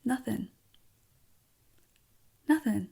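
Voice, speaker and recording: Slow-speaking, frank woman songwriter. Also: on the high side, expressive, vocal fry, mellow, slightly rough. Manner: frank and emotional, swears, halting restarts. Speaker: songwriter and author guest. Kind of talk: candid personal conversation.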